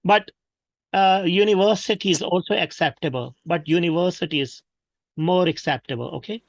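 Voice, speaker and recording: A man's voice: high-pitched, moderate pace, no echo. A man with a Pakistani English accent, teaching pronunciation in an online workshop and drilling words for the class to repeat. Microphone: video call.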